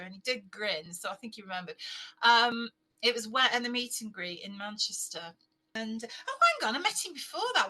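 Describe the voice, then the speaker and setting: A woman's voice: fairly high pitch, pushed and bright, rough recording. A middle-aged woman, a guest on an interview, chatting casually and telling stories. She laughs often and acts out what people said. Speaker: interview guest, fanfiction author.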